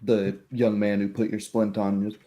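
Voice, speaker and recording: A man's voice: lowish voice, flat delivery, normal speed, warm tone. A man narrating as game master of a tabletop game, easygoing and descriptive.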